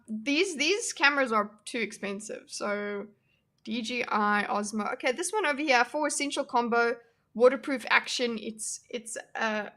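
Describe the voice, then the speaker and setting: A young woman hosts a casual livestream, chatting with her viewers. Her voice sits a little high with a bright, forward edge. She is jokey and self-deprecating and laughs easily. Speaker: livestream host. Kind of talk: casual livestream chat reacting to chat.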